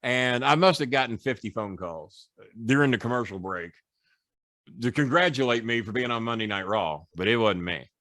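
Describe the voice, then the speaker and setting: Man, middle-aged, podcast guest, boastful, profane, animated storyteller, dry sound. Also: medium pitch, normal speed, dry recording. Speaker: podcast guest, former wrestling manager. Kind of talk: casual storytelling.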